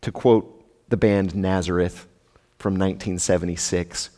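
In a sermon marked by rhetorical asides, a pastor speaks to his congregation in a conversational way. His mellow voice sits low, with a steady tone and measured pace, echoing with the long reverb of a large hall.

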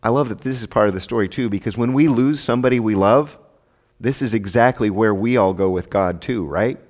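A man's voice: fairly low pitch, brisk, darkish tone. A man giving a sermon as pastor, speaking conversationally with rhetorical asides to his congregation. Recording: long reverb of a large hall.

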